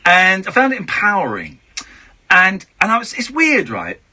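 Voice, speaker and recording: A man hosting late-night radio, teasing and mocking callers and now and then breaking into shouts. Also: high voice, wildly swooping pitch, moderate pace. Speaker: radio host. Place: radio studio.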